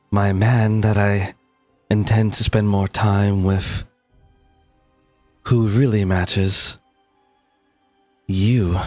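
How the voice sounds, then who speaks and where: A flirtatious woman, played by a man running a tabletop game, speaks in a low, unhurried murmur. The sound is dry and close, with soft music underneath. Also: no room sound. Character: flirtatious adult woman innkeeper Gravo.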